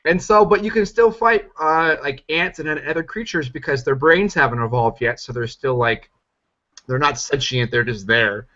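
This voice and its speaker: Guy with a bright sharp voice, excited, says like a lot, dull lo-fi audio. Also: a little high, moderate pace. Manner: enthusiastic, heavy use of filler "like". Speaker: podcast co-host. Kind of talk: casual chat.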